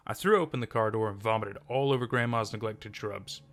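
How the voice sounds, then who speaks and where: A man narrating a first-person horror story in a steady, measured reading. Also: fairly low pitch.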